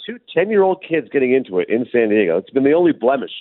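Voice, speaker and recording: A man co-hosting a radio show, telling stories in casual banter, animated and quick. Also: medium pitch, no room sound. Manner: animated storyteller, quick and lively. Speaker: radio co-host. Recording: phone-like radio line.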